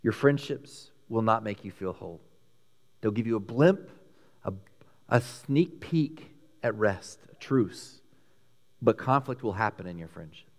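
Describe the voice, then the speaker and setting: A man with a Texan accent preaching a sermon, emphatic and animated, swinging between loud peaks and hushed lines. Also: fairly low pitch, measured pace, long reverb tail. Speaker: pastor.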